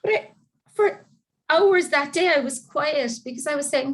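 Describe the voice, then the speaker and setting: In an interview, an Irish woman in her fifties who is a parent carer shares her own story, earnest and full of emotion. Her voice is slightly higher than most women's and a little slow, and she acts out the dialogue of the people she describes.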